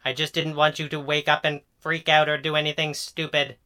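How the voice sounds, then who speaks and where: Man as a sardonic rule-bound robot, bright, smooth, by-the-book manner. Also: a little high, flat delivery, brisk. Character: small grumpy rule-bound male robot on wheels.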